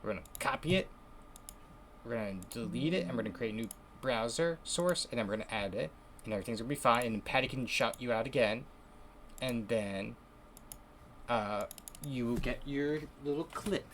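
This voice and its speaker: A man's voice: mid-range voice, a bit bright, a little hiss or hum. Rambling, chatty male game streamer. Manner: rambling, chatty, griping with laughs. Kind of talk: casual live-stream chat.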